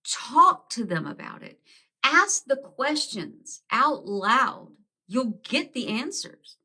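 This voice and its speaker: Bright-voiced woman telling a candid story. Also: medium pitch. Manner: candid and conversational, swears casually; reenacts her own quoted words. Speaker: vlogger. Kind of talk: personal storytelling to camera.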